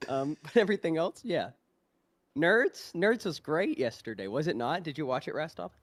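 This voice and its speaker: A man with a higher-than-usual, very lively voice chats crudely on a podcast, rambling and laughing often between jokes. He swings his pitch up and down and pokes fun at himself. The talk is loose and unscripted. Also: normal speed. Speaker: streamer and show guest. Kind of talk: casual crude podcast banter.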